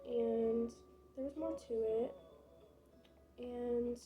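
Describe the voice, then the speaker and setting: A woman's voice: fairly high pitch, fairly even intonation, very slow, phone-quality sound, loud music behind the voice. A young woman vlogger telling a casual storytime, chatty and dramatic, with lots of fillers and swearing.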